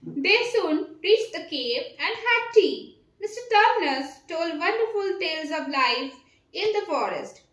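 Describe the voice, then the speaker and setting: A woman narrating a children's stage play in a calm, even storytelling manner. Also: very high voice, a little slow, roomy sound, rough recording.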